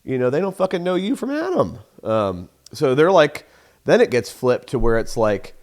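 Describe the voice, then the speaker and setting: A man's voice: mid-range voice, huge pitch swings, moderate pace, darkish tone. A young adult man hosting a show, giving casual sales advice in a rambling, profane way and acting out phone calls in voices. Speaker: sales trainer and host.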